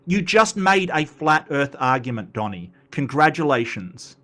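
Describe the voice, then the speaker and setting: Man, fairly high voice, sarcastic, exasperated, reaction commentary. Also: lively intonation, a little slow, hardly any pauses, pushed and bright. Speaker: commentary host reacting to a video.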